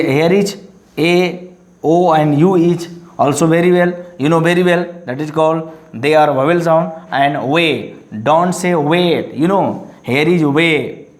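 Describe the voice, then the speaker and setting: A man explaining an English lesson, his voice sitting a little high for a man. He talks in a halting, repetitive way, full of fillers. The room around him rings with echo. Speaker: English teacher.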